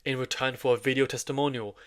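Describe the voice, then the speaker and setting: A British man giving a casual sales and software tutorial, chatty and loose, often checking in with "right?" and "okay?". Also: mid-range voice, steady tone, fast talker. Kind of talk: casual instructional talk.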